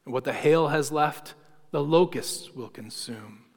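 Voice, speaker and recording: A man preaching a sermon, telling stories and slowing down for emphasis. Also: fairly high pitch. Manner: storytelling, emphatic with slowed dramatic phrases. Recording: long hall reverb.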